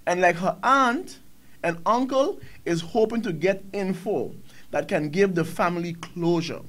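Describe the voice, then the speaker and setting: A middle-aged man, hosting a talk show and ranting angrily, firing off one rhetorical question after another. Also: high voice. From Caribbean. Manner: angry, preaching, rhetorical questions. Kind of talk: impassioned commentary.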